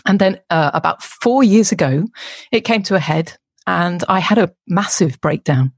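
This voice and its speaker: A woman's voice: on the low side, moderate pace, husky, dry recording. An English woman in her forties, a podcast guest, talking candidly and with self-deprecating humor. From England. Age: 40s. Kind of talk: casual interview talk.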